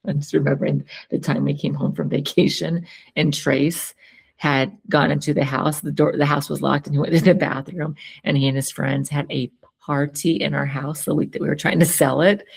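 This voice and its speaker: A woman's voice: deep voice, creaky, breathy edge. A middle-aged woman co-hosting a couples talk show, chatting casually and acting out quoted lines with frequent laughter. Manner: animated, acts out quoted lines, laughs often. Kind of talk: casual conversation walking through a worksheet.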